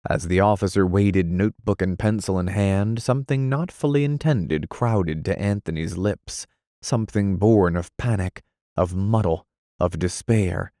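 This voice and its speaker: Deep-voiced guy reading an audiobook, dramatic but measured, no room echo at all. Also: dark tone, clean studio sound. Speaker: audiobook narrator. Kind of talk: audiobook narration.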